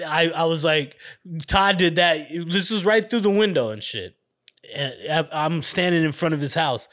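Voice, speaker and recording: A man's voice: a little high, expressive, moderate pace, fairly bright tone. A man around forty hosting a podcast, telling a long, rambling childhood story in a casual, profane way, with restarts. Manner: rambling, profane, laid-back, restarts and laughs often. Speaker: podcast host.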